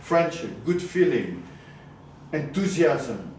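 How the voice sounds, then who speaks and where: A man's voice: fairly high pitch, sing-song, slow, darkish tone, recorded from a distance, slight background noise. A man giving a live coaching talk to a group, questioning the audience often and mixing in words of another language. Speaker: business coach. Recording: echoey room, voice from afar.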